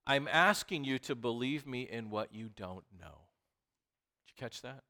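A man's voice: mid-range voice, lively intonation, normal speed. Impassioned man preaching a sermon. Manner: swings from hushed whispers to loud impassioned outbursts; reads scripture aloud, then explains it to listeners with questions.

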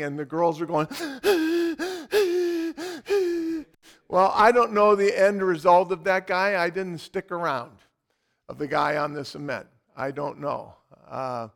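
Animated high-voiced male preacher. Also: creaky. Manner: animated storytelling, dramatic. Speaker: pastor. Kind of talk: sermon.

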